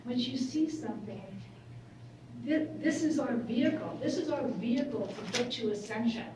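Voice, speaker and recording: Higher-voiced woman speaking in an echoey hall. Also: expressive, normal speed. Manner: conversational, acts out quoted voices. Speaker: workshop speaker. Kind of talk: storytelling workshop talk. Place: large conference hall. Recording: echoey hall, far from mic, room noise.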